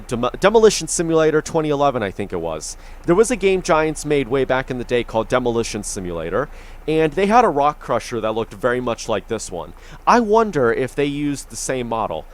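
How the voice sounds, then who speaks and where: A man giving rambling, easygoing commentary while playing a farming video game, with frequent ums and the hiccups. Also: a little high. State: has the hiccups. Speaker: gaming YouTuber. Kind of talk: casual gameplay commentary.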